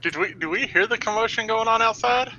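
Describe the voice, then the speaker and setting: A man's voice: sits high, a little fast, bright, forceful tone. A man playing a tabletop game, chatting casually and laughing easily. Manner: laughing, easygoing. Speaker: player. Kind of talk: casual role-play chat. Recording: muffled, faintly noisy mic.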